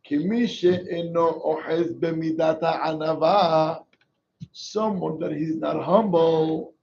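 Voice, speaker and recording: A rabbi teaching an informal Torah class, switching between Hebrew and English in an animated way. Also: fairly high pitch, moderate pace, creaky, lo-fi sound, a little hiss or hum. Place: small synagogue class with people present.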